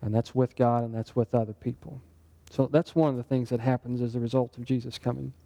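A man with a mellow, relaxed voice leads a Bible study. He talks in an easy conversational way and keeps checking in with his listeners with quick questions. It sounds like a casual teaching session rather than a formal sermon. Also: medium pitch, gravelly. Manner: conversational, asks the group questions. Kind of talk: interactive sermon.

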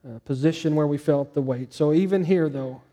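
Man preaching a lively sermon. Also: moderate pace. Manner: animated preaching, rising for quoted lines and dropping low and soft for emphasis. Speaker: pastor.

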